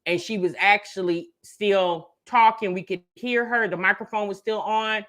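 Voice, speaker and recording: A woman's voice: medium pitch, steady tone, moderate pace, fairly bright tone. A woman hosting a casual livestream commentary, sassy, calling listeners baby and honey while greeting the chat.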